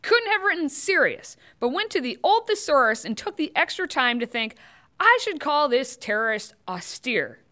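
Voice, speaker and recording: Woman doing snarky political commentary, bright voice, bouncy pitch. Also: sing-song, moderate pace. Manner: sarcastic, mocking asides. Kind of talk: scripted commentary.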